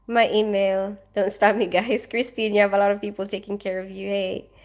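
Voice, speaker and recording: A woman's voice: medium pitch, little pitch movement, moderate pace, darkish tone. A young woman hosting a casual livestream, reading comments aloud and greeting viewers by name. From Philippines. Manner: chatty, greets viewers by name, laughs often. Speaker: livestream host.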